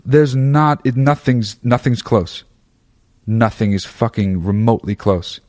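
A man's voice: medium pitch, measured pace, a little mellow. A man talking to listeners in a casual monologue, profane and opinionated, rambling through fillers and restarts.

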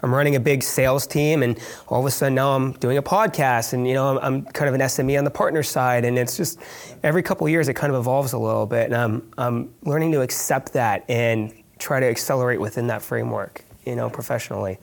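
Male podcast host, mid-pitched, loose and talkative. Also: steady tone, quick pace, vocal fry. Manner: chatty and rambling, laughs often. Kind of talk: casual conversational interview.

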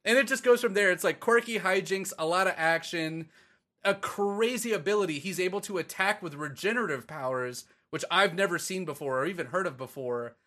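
A man with a bright, forceful voice pitched a little above the usual chats casually with a friend, eager and profane as he recounts a story. He talks in quick, energetic bursts. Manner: excited, profane, retelling a story with acted quotes. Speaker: podcast co-host. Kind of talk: casual chat.

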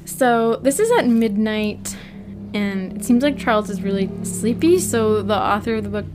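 A woman's voice: medium pitch, normal speed, faint music behind. A woman hosting a chatty podcast, talking casually and often laughing as she reads a transcript aloud. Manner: animated, laughs often while reading. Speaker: podcast host.

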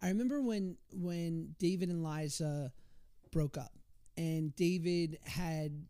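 A man's voice: on the high side, slow, dark tone, smooth, no echo. A man in his thirties telling stories as a podcast guest, chatty and self-deprecating, with many restarts. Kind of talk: casual storytelling on a podcast.

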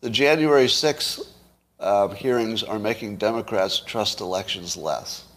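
A man's voice: fairly low pitch, a little slow, a bit bright. A middle-aged man giving solo commentary, sarcastic, asking his audience rhetorical questions and chuckling at his own points. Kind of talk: solo political commentary to camera.

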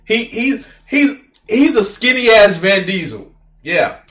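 A man's voice: high voice, sing-song, slow, a bit bright. A man hosting a reaction video, talking in a casual, profane and incredulous way, mocking and laughing at what he watches.

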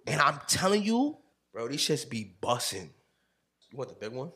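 Husky young man with lively, laughing chat. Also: mid-range voice, normal speed. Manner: laughs often, animated storytelling. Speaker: podcast host. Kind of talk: casual chat.

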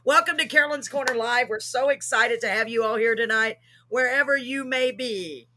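A woman's voice: a little high, normal speed, sharp tone, slight background noise. A middle-aged woman from Texas, hosting a live chat show, bubbly and jokey with frequent laughs. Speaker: show host.

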